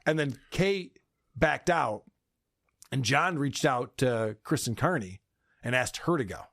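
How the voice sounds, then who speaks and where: A man's voice: medium pitch, expressive, measured pace, fairly bright tone, no echo, studio quality. A man hosting a podcast, recapping a feud with crude, laughing sarcasm. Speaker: podcast host. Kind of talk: mocking podcast commentary.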